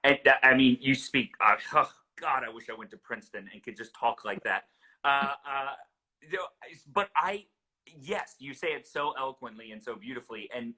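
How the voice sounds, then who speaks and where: A man's voice: medium pitch, bright, forceful tone, poor audio. A man hosting an interview, chatty and enthusiastic, his speech full of casual fillers. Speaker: host.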